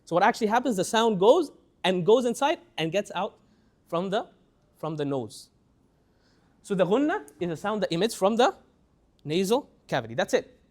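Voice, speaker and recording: High-voiced man teaching tajweed. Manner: animated, repeats words, restarts often; chants Quranic phrases slowly as examples. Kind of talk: classroom lecture.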